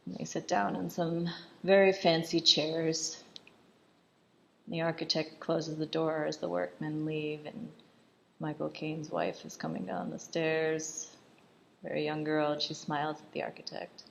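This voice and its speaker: A woman's voice: low-pitched, little pitch movement, unhurried, gravelly, highs cut off, slight background noise. Chatty woman retelling a film. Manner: chatty, retells scenes with "he's like", laughs. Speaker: film commentator. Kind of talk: casual film commentary.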